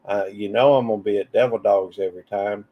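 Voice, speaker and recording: Reading chat comments aloud as he rambles, a man with a Southern US drawl hosts a loose live stream conversation. His lowish voice stays steady and fast, and the highs are cut off.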